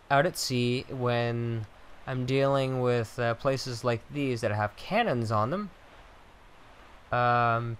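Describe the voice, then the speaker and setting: With a fairly bright, medium-pitched voice, a man narrates his gameplay in a relaxed, talkative way. He's a let's play gamer who jokes at his own expense and swears mildly at the enemies.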